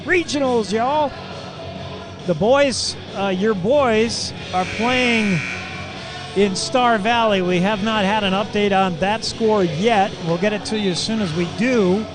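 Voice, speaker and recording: Calling a high school girls basketball game live on local radio over music, the male play-by-play announcer speaks quickly and excitably. He breaks into shouts on big plays and drops folksy asides to his audience.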